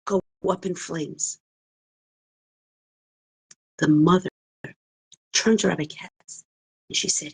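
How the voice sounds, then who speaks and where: A woman's voice: on the low side, slow, pauses often, breathy edge. A woman teaching a Torah class, telling a story dramatically and expressively. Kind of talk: storytelling lesson.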